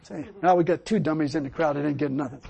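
A man's voice: a little high, very fast, gravelly, dark tone, breathy edge. A male preacher giving a sermon, telling stories emphatically and laughing often.

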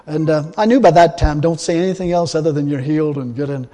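A man preaching and telling a personal testimony in a folksy storytelling manner, swinging from loud emphasis to quiet groans. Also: fairly high pitch, fast talker. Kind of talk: sermon testimony. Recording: long hall reverb.

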